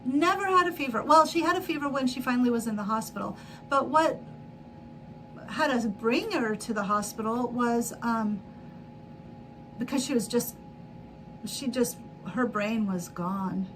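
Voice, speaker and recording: A woman's voice: on the high side, measured pace, pauses often, a bit bright, slight background noise, low-quality recording. A middle-aged woman hosting a sewing livestream, telling a long rambling story with frequent laughs and self-corrections. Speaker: livestream host. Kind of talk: casual chat while sewing.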